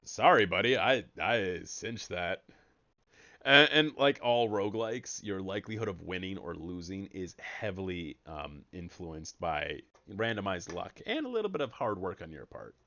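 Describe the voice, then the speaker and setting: Playful, lively man streaming a game. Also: normal speed, highs cut off. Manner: playful and jokey, with sudden high excited yelps. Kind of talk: casual gaming commentary.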